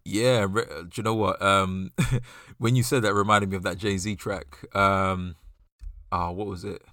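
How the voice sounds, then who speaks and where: Deep-voiced man rambling about a show. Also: flat delivery, measured pace, sharp tone, no echo, studio quality. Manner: rambling, with many fillers and restarts. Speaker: podcast co-host. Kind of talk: casual chat.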